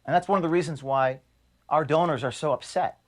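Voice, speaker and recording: A man, the founder of an organization, reading an earnest, measured video statement to his staff from his office. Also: a little high. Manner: earnest, measured, grievance-laden. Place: office at headquarters.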